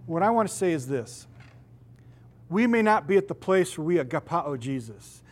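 A man's voice: a little high, big pitch swings, normal speed. Middle-aged man preaching emphatically. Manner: emphatic, preaching with stretched-out stressed words. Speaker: pastor. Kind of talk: sermon.

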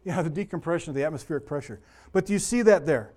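A middle-aged man with a high, darkish voice talks fast through a Bible lesson. His style is casual and rambling, packed with anecdotes, and his voice sounds somewhat sore.

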